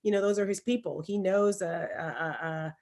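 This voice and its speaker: A Southern woman from Alabama co-hosts a casual podcast chat. She tells stories in an emphatic, animated way, and her voice sits at a middling pitch. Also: moderate pace. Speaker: podcast co-host. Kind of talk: casual conversation.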